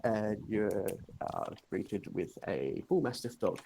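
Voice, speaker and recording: A man narrating a tabletop game as game master, in a relaxed, hedging way full of "sort of". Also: fairly low pitch, slow, vocal fry, a little hiss or hum.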